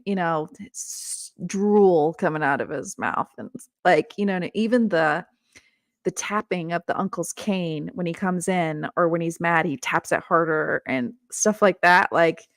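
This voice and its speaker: A woman co-hosting a casual book discussion, animated, laughing often and acting out the characters' lines. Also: on the low side, no room sound, clean studio sound. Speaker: book club co-host.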